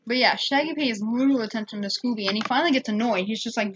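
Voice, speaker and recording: Woman, casual movie review, rambling with fillers and restarts, slightly high voice, muffled sound. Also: fast talker, fairly bright tone, a little hiss or hum.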